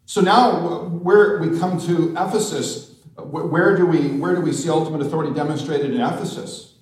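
A man preaching a sermon, putting rhetorical questions to the congregation and slowing down for emphasis. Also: a little high, a little mellow. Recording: echoey room, mic at a distance.

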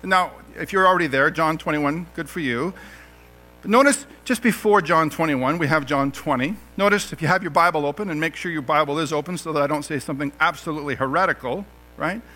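A middle-aged man preaching with a high, bright, forceful voice. He keeps it conversational, asking rhetorical questions and slipping in jokes. Soft music plays faintly behind him. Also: brisk. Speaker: pastor. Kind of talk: sermon.

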